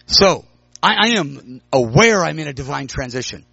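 A bright, fairly high-voiced man preaches in storytelling mode, acting out conversations and jumping into sharp, high exclamations. The sound is dry and a little dull. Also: a little fast, creaky, no echo. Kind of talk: sermon storytelling.

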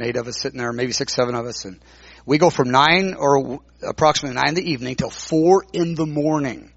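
A man preaching, telling a story with many halting restarts and repeated words. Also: mid-range voice, creaky, no echo, highs cut off. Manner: halting, repeats words while recounting dialogue. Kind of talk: sermon storytelling.

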